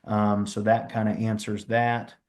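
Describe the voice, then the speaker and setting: A relaxed man walks viewers through their questions in a folksy way. His voice sits low and stays fairly flat, with little rise or fall. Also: a little slow. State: has the hiccups. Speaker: wildlife department presenter. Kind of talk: casual live Q&A.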